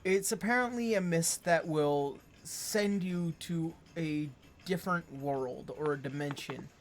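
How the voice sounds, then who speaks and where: Halting, filler-heavy game master narration. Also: medium pitch.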